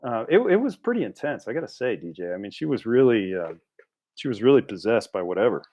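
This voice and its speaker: A man in his forties, a podcast guest telling a story in a casual, animated way with frequent restarts. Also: medium pitch, fast, dull audio. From United States.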